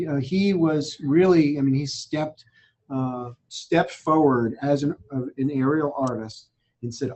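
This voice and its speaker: Husky, higher-pitched male host. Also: darkish tone. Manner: hesitant, many fillers and restarts, thoughtful. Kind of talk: casual chat.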